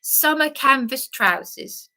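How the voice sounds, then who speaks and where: A woman's voice: high voice, expressive, slow pace, pushed and bright. A woman delivering an agitated vlog rant, repeating and restarting herself for emphasis. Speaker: vlogger. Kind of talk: emotional monologue rant.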